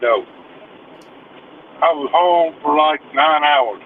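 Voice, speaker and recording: A man's voice: on the high side, takes it slowly. A man chatting frankly and offhandedly as a guest on a livestream. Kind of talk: casual livestream chat. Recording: lo-fi call audio with faint noise.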